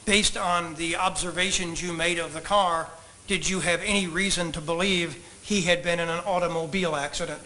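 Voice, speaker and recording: A man examining a witness in a courtroom, asking measured, polite, leading questions. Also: a little high, fairly even intonation, sharp tone, low-quality recording. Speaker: trial attorney questioning a witness.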